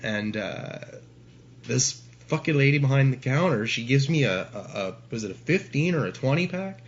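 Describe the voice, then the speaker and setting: A man's voice: medium pitch, animated, moderate pace, dull audio. A man in his forties from Ontario, telling a rambling, swear-heavy story as a podcast guest. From Ontario, Canada. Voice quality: profane, rambling, lots of restarts. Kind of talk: casual storytelling.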